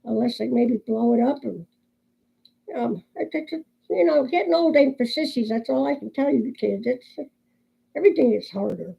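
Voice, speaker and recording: A woman's voice: a little high, moderate pace, gravelly, husky, highs cut off. A woman in her sixties chatting casually on her vlog, telling family jokes and laughing often. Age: 60s. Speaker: crochet vlogger. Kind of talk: casual chat and joke storytelling.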